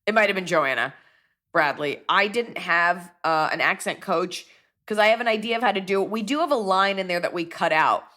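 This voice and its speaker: Woman, 40s, comedian host, casual chat, animated, breaks into accents, slightly low voice. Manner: animated, jumps into quick bits of accents and impressions. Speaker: comedian host answering fan questions.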